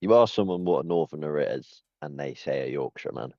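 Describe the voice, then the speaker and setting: A man from southern England with a very low, deep voice, needling his friend in a flat, deadpan way. He comes through muffled and lo-fi, as if over voice chat, and sounds dry and close. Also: fairly quick, dry recording. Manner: teasing, deadpan wind-ups. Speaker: stream guest on voice chat.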